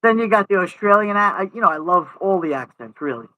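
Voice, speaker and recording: A man's voice: sits high, animated, fast talker, sharp tone, no room sound, rough recording. Chatty Brooklyn-accented man on a livestream. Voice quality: thick New York speech, chatty and jokey. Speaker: livestream host. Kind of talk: casual live chat. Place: outdoors at night under an umbrella in wind.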